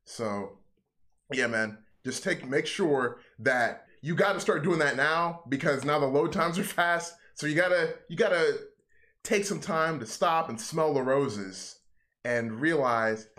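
A man's voice: on the high side, measured pace, fairly bright tone. A man co-hosting a casual gaming podcast, rambling and repeating himself as he gives friendly advice. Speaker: podcast co-host. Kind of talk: casual chat.

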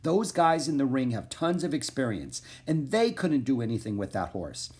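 A man's voice: medium pitch, big pitch swings, normal speed, a little mellow, pitched above the performer's own voice, close to an everyday voice. A man reading a children's storybook aloud, voicing a cautious, anxious young boy in a raised voice. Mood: worried. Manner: anxious, objecting, practical.

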